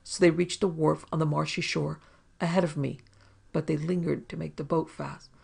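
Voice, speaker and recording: A woman playing a grim, gravelly Afghan warrior. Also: fairly high pitch, heavily acted. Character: fierce Afghan tribesman warrior, loyal and grim.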